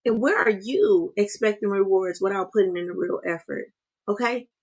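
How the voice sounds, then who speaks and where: A woman's voice: medium pitch, moderate pace. Woman, motivational livestream host, casual conversational delivery. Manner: conversational, repeats "right?" and "you guys".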